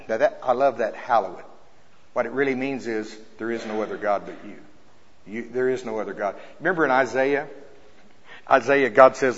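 A man preaching a sermon who reads scripture slowly and forcefully, then explains it in a casual, joking way. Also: medium pitch. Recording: dull sound in a reverberant hall.

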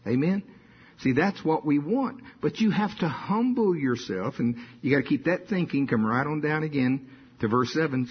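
Folksy older man preaching, husky voice. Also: a little high, animated, moderate pace. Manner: folksy storytelling, rising to emphatic bursts. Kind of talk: sermon. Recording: dull lo-fi sound.

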